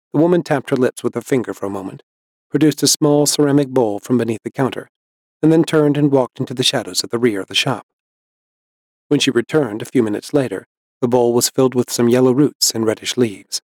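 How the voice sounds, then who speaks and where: Male audiobook narrator, steady and even, dry close recording. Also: medium pitch, fast talker, dry recording. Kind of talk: scripted narration.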